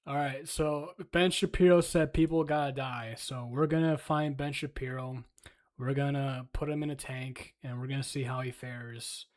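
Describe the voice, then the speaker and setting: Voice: medium pitch, measured pace. A streamer ranting crudely and heatedly in a casual livestream, full of swearing.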